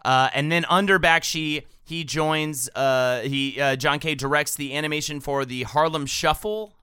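A relaxed male podcast co-host who tells the story in easygoing chat and drops casual swearing. His voice is bright and smooth at a middle pitch. It is recorded close and dry. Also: normal speed, no room sound.

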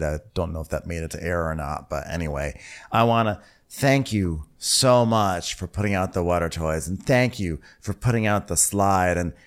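Guy recapping a show, kinda low voice, dry jokes, laughs a lot. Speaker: podcast co-host recapping a reality show. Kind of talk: casual comedic recap chat.

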